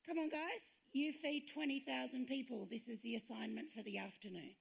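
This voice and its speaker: A woman's voice: high voice, fairly even intonation, normal speed, gravelly, slightly rough. A woman pastor preaching a sermon, retelling stories and acting out the quoted lines.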